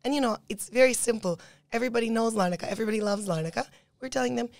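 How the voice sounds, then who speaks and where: A young woman from Cyprus speaks as a podcast guest, telling a story at a quick clip. She slips into the voices of the people in it. The sound is dry and close. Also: on the high side, creaky, no echo. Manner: fast, animated storytelling that acts out other people's words. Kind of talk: casual storytelling.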